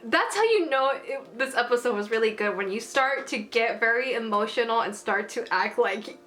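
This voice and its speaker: A woman's voice: on the high side, expressive, moderate pace, a bit bright. A woman giving a casual, gushing and emotional review, full of fillers and exclamations. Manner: gushing and emotional, lots of "like" and "oh my goodness". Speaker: anime reviewer.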